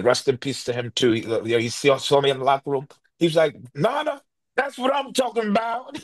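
A man's voice: mid-range voice, no room sound. New guy, middle-aged, rambling story with lots of restarts, dry close mic. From New York. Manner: rambling, lots of restarts and fillers, acts out quoted voices. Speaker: guest. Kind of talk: animated storytelling.

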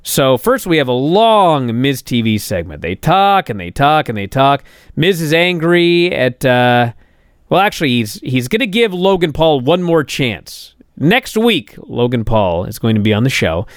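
A man's voice: mid-range voice, big pitch swings, unhurried, no echo, clean studio sound. A man giving a casual, sarcastic recap of a wrestling show, exasperated and building to indignant outbursts.

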